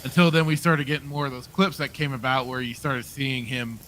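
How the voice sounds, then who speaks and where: A man co-hosting a casual podcast chat, animated, acting out quoted reactions. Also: mid-range voice, brisk, slight background noise. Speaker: podcast co-host.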